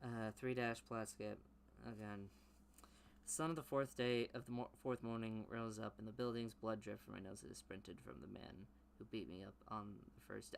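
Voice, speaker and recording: Young guy mumbling through his cringey old story then yelling jokes at it. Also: mid-range voice, moderate pace, gravelly. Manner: flat mumbled reading broken by loud mocking outbursts. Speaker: YouTuber reading his childhood writing. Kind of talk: comic reading with commentary.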